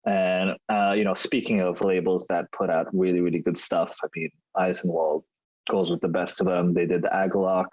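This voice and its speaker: A man with a fairly low voice, co-hosting a casual review podcast. He rambles loosely, restarting his sentences as he thinks aloud. The sound is close and dry, with no room around it. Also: normal speed, no room sound, low-quality recording. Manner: relaxed, rambling, with frequent restarts. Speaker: podcast co-host.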